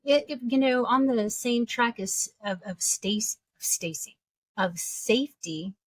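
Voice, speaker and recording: A woman's voice: fairly high pitch, slow, dry recording. A woman podcast co-host with a playful, sarcastic way of asking questions. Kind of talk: podcast conversation.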